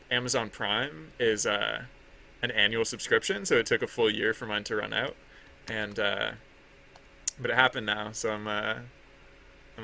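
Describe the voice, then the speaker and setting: A man talks loosely on a livestream while working on a drawing. His voice is bright and edged with gravelly fry. He rambles, trips over his words and keeps laughing at himself, with a faint hiss of noise behind him. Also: lowish voice. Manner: rambling, many fillers and restarts, laughs at himself. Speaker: artist streaming his drawing.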